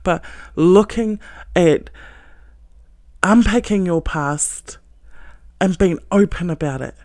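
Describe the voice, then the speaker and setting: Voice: medium pitch, slow pace, a little mellow, no room sound, clean studio sound. A self-help speaker giving a blunt, heavily profane motivational monologue, earnest and emphatic, with short laughs.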